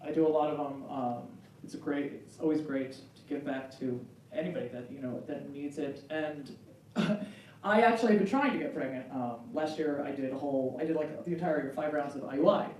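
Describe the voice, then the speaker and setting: A woman in her forties doing a stand-up comedy set, animated and acting out bits in high squealing voices. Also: brisk, a little hiss or hum. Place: comedy club stage. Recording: roomy club with loud crowd laughter, from far off.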